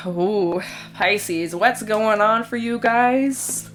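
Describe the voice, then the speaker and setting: Chatty, expressive woman reading tarot. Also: medium pitch, slow. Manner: swears casually. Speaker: tarot reader. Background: soft background music.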